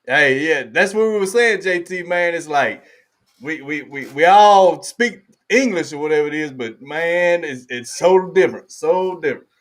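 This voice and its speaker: A man's voice: fairly high pitch, lively intonation, moderate pace, a bit bright. A man with a Southern US accent hosting a live stream, chatting casually, laughing often and repeating his phrases. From American South. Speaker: host.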